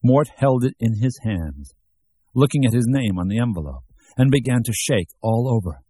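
A man narrating an audiobook with measured, even storytelling. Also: medium pitch, husky, dry recording. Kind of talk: scripted narration.

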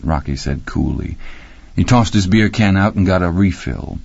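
A man reading an audiobook in a wry, expressive storytelling manner. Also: sits low, normal speed, creaky, slightly rough, dry recording. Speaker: audiobook narrator. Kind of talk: scripted narration. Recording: dry, slightly muffled recording.

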